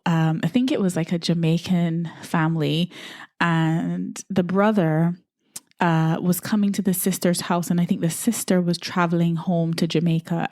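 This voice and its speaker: A Caribbean-born woman hosts her podcast in a mellow, slightly low voice, recorded dry and close. She talks to listeners earnestly and encouragingly, in a conversational flow sprinkled with "you know" asides. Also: no room sound. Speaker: podcast host. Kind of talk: podcast monologue.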